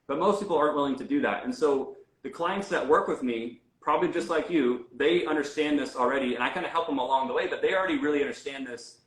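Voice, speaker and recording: A man's voice: a little high, quick pace, hardly any pauses, fairly bright tone. Man talking casually in an echoey room. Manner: conversational, frequent fillers and restarts. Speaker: guest health coach. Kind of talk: casual interview talk.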